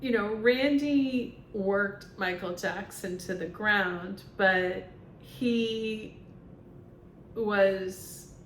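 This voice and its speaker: Woman medium, casual vlog monologue, filler-heavy, unhurried, faint rumble behind. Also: echoey room. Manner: rambling, filler-heavy, laughs often. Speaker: spiritual medium.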